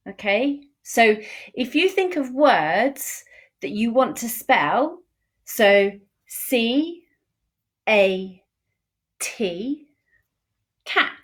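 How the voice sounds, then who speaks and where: British woman, sign language teacher, a bit high-pitched, unhurried, patient and expressive delivery. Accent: British English. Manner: slow, patient explaining with a lively, expressive voice. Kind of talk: informal teaching video.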